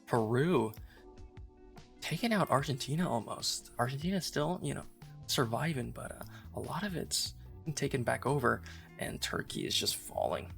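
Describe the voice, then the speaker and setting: A man with a gravelly, fry-tinged voice talks through a sandbox game as it unfolds, rambling and amused. His pitch sits at an ordinary middle height, and soft game music plays quietly behind him. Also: sing-song, normal speed. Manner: rambling, amused play-by-play with many fillers. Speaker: gaming channel host. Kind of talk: casual gameplay commentary.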